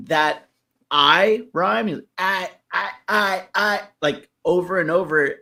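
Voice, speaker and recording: A man's voice: mid-range voice, vocal fry, a bit bright. A man giving blunt, swearing feedback on a rap verse in casual review chat. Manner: blunt, swears, laughs while critiquing. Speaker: music critique panelist.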